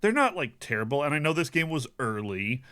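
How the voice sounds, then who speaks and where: A man in a relaxed podcast conversation about old games, making wry remarks. His voice has a bright, forward edge. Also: fairly high pitch, brisk. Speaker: podcast co-host. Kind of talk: casual chat about a retro game.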